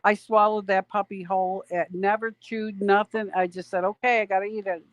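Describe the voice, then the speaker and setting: A woman's voice: medium pitch, little pitch movement, dry recording, low-quality recording. A woman co-hosting a casual late-night livestream, chatting and reading viewer comments aloud. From Canada. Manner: chatty, drawn-out, reads chat aloud. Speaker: stream co-host.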